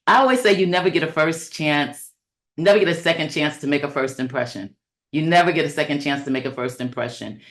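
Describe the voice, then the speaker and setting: Speaking in a webinar to childcare business owners, this middle-aged woman has a low-pitched voice with a fairly bright tone. Her coaching is sincere and chatty with plenty of filler words, taking on a preacher's cadence whenever she cites scripture.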